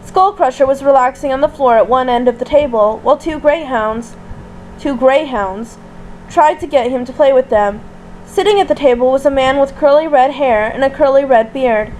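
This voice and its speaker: A woman narrates a fan-written story at a steady pace, sometimes tripping over a word and restarting. Her voice is high and light. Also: slight background noise, poor audio. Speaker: audiobook reader. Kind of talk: reading fan fiction aloud.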